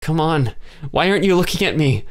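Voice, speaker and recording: A woman's voice: low-pitched, expressive, brisk, voice pushed up. A male audiobook narrator voicing a blunt, agitated young woman who fires off demanding questions. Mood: upset. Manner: shouting, pressing questions.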